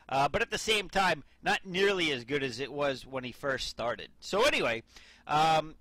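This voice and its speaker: A man's voice: fairly high pitch, pushed and bright, no room sound. A young man doing casual video game commentary, chatty and rambling with lots of fillers and asides.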